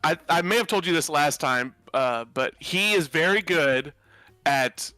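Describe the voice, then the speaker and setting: An earnest male candidate talking about his campaign in an interview, his voice bright and fairly high. The sound is dry and close. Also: expressive, unhurried, dry recording, faint music behind. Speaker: political candidate guest.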